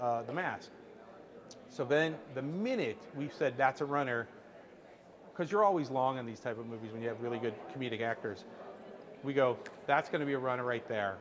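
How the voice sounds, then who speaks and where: A middle-aged man telling a lively behind-the-scenes story to a workshop audience, acting out what people said, with frequent restarts. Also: medium pitch. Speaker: screenwriter speaking to a workshop audience. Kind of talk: animated storytelling anecdote.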